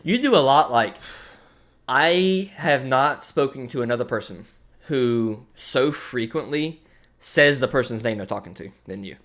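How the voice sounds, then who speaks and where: A young man chatting on his podcast with a bright, forward tone. He talks in halting bursts, restarting his sentences, and breaks into laughter often. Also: medium pitch, animated. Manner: halting, many restarts and fillers, laughs easily. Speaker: podcast co-host. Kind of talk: casual chat.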